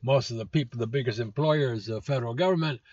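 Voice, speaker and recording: A man's voice: mid-range voice, fast, darkish tone, dry recording. Blunt sarcastic older man, lo-fi. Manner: blunt, sarcastic, scornful, with frequent "uh" fillers. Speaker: commentary show host. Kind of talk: opinionated political commentary. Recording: dull lo-fi dry recording.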